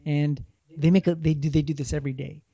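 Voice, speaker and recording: Man, finance guest, gravelly and very dark, slightly raised pitch, dull lo-fi audio. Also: level tone, fast talker, no room sound. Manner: plainspoken, repeats words while thinking. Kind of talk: casual advice talk. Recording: dull lo-fi sound.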